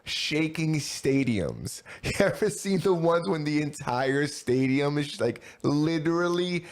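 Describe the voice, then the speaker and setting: A man's voice: fairly high pitch, expressive, slow. A man co-hosting a podcast in casual chat, laid-back and agreeable, often asking probing questions. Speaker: podcast co-host.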